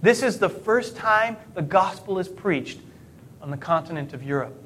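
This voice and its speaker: A middle-aged pastor delivers a sermon with a notably high voice for a man. He keeps it conversational, pausing on rhetorical questions and restarting phrases as he goes. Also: lively intonation, fairly bright tone, slight background noise. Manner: conversational preaching, rhetorical questions, self-corrections.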